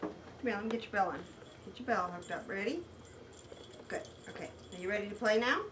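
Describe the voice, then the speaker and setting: A woman's voice: mid-range voice, a little fast, a bit bright, echoey room, far from the mic. A woman at home, talking to her dog in a coaxing, sing-song pet voice with lots of repetition, in a noisy home video. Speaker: dog owner and hostess. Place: indoors at home.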